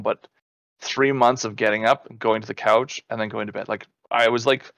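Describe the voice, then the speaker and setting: A man's voice: fairly low pitch, vocal fry, dry recording, lo-fi sound. A man in his thirties co-hosting a casual podcast chat, telling stories with lots of swearing and acting out what people said. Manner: animated storyteller, swears freely, acts out quotes. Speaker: podcast co-host.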